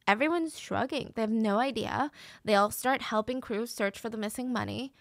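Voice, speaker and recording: A woman's voice: a little high, normal speed, dry recording, studio quality. Chatty woman telling a true crime story. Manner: chatty, conversational, acts out quotes. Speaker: true crime podcast host.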